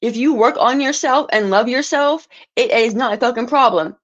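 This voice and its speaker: A woman's voice: on the high side, moderate pace, fairly bright tone, dull audio. A woman livestreaming an angry, profane rant, stumbling and restarting words as she gets heated.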